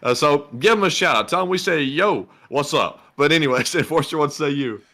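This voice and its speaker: A man's voice: on the high side, fast talker, creaky, sharp tone. A man co-hosting a livestream who reads viewers' messages aloud and chats in an upbeat, casual way. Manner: upbeat, chatty, talks about merch plans. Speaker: co-host reading super chats.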